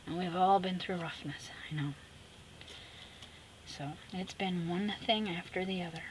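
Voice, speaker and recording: A woman vlogging as she makes an art collage. She chats casually and sassily, talks to herself as she works, and often drops into soft whispers. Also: fairly low pitch, measured pace. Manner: chatty, drifting into soft whispers; sassy, talks to herself while working. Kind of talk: casual chat while crafting. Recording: steady background noise with clicks.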